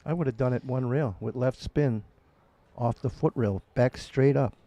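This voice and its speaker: Mellow-voiced man analyzing pool shots. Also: mid-range voice, normal speed, dry recording. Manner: analytical, explains shot choices. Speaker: pool color commentator. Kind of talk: casual live commentary.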